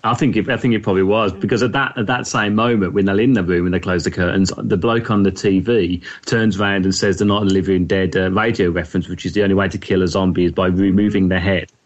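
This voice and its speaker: A man's voice: low voice, steady tone, fast talker, few pauses, muffled recording. An Englishman hosting a casual podcast about films, chatty, laughing often and repeating words as he goes. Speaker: podcast host. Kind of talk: casual film discussion.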